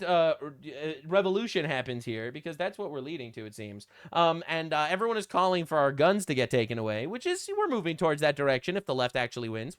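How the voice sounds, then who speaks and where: A crude, sarcastic man reacting to clips as he hosts a political commentary stream. He rambles through fillers, and his pitch swings up and down. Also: a bit bright.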